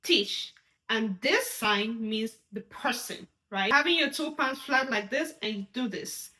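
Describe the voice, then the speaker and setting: Woman, patient sign language tutor, high voice, echoey room, repeats each word and checks in often. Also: animated, a little slow, bright, forceful tone. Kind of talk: demonstrating signs in a tutorial.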